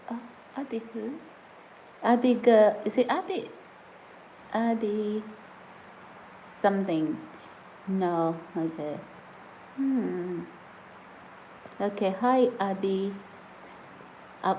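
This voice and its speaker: Giggly woman live-streaming, slow chatty talk. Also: medium pitch, warm tone, a little hiss or hum, rough recording. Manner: giggly, chatty, often breaks into laughter. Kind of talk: casual live-stream chat reading comments. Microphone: phone or camera set on a surface.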